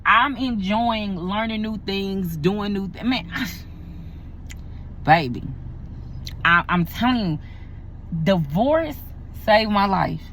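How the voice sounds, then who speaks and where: A woman's voice: medium pitch, lively intonation, slow, long pauses, a bit bright, a little hiss or hum. A woman, a pastor and vlogger, talking casually and emphatically to her viewers, repeating herself for effect. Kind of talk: casual talk to camera.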